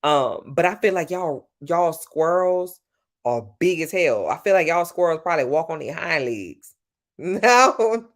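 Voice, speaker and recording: A woman from Louisiana with a Southern accent, chatting casually with viewers on a livestream, swearing freely and jumping up and down in pitch. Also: expressive, unhurried. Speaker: livestream host.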